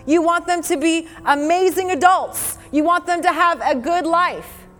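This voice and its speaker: A woman's voice: very high-pitched, measured pace, a bit bright. A woman preacher delivering an earnest, conversational sermon, laughing now and then and quoting scripture. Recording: long hall reverb with faint music.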